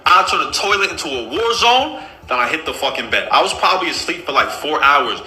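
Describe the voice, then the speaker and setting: A man on a podcast telling a comic story in a casual, profane, animated way. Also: a little high, a little fast, echoey room, rough recording. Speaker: podcast host.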